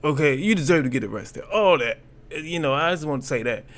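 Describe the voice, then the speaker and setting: A male reaction video host giving incredulous, animated commentary and repeating his questions. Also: fairly high pitch, a little fast.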